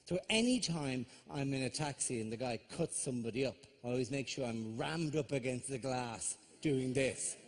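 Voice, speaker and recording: A man's voice: mid-range voice, lively intonation, normal speed, few pauses. A man with an Irish accent doing live stand-up comedy, telling chatty stories and often tagging his lines with "right?".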